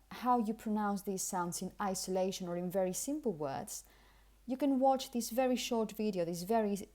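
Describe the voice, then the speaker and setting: A native Spanish speaker teaches English pronunciation in her Spanish-accented voice, medium in pitch and dark in tone, offering careful explanations and repeating words as examples.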